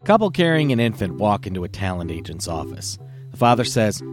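A man hosting a podcast, casually telling a dirty joke in a profane, animated way. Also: on the low side, brisk, over music. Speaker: podcast host. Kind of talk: casual comedic storytelling.

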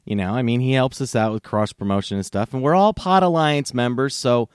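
A man hosting a comedy podcast, animated and laughing, with casual swearing. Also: mid-range voice, a little fast, clear, resonant tone, dry recording, clean studio sound. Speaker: podcast host.

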